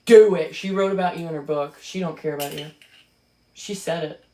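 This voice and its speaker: A woman's voice: low voice, brisk, mellow. A woman giving casual, sarcastic and profane reaction commentary on a book she reads aloud.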